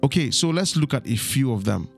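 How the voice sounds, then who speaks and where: A man with a voice of ordinary pitch teaches from the Bible, reading passages and breaking them down for his listeners. He keeps asking them to fill in the missing word and checking that they are following along. Soft instrumental music plays faintly underneath. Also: expressive, a little fast, vocal fry.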